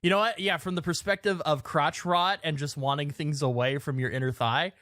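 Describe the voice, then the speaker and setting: A man with a fairly high voice riffs and jokes through a casual podcast chat. The sound is dry and close. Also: fairly even intonation, fairly quick, fairly bright tone, no echo. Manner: joking, riffs on ideas. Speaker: podcast co-host.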